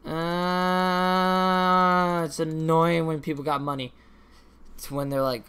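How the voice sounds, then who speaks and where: Teen boy, solo podcast host, bright voice, rambling casual chatter with restarts and offhand swearing. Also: on the high side, flat delivery, slow pace, long pauses, clear, resonant tone. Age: teens.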